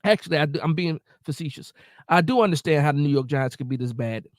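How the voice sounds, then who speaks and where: In a dry, studio-quality recording, a man with a somewhat high, expressive voice talks quickly while hosting a live post-game reaction stream. He rants emotionally, repeats himself, and reads and answers the live chat.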